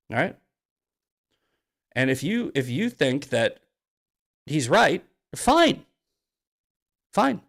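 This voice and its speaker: A man hosting a political monologue on a live stream, mocking his critics, swearing and shouting at points. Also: on the high side. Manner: angry, profane, shouting bursts. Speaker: host.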